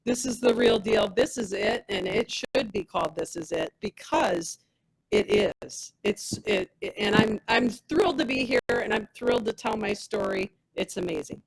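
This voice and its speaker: A woman's voice: mid-range voice, wildly swooping pitch, moderate pace, creaky, breathy edge, poor audio. A woman giving a personal testimonial as a product rep, telling her story with animation and acting out the dialogue of others.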